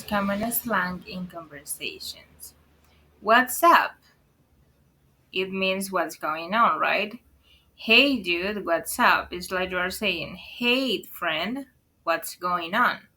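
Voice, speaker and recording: Bright-voiced woman teaching slang slowly. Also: medium pitch. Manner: explains patiently, asks "right?" often, calls viewers "guys". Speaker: English teacher. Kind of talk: casual online lesson.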